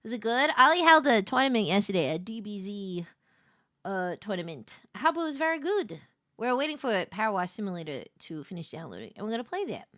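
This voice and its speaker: A woman's voice: mid-range voice, big pitch swings, brisk, dry recording, studio quality. A woman streamer chatting casually with her viewers while gaming, bubbly and chatty, greeting people and humming along. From Puerto Rican heritage. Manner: bubbly, greets chat viewers warmly, hums along to music.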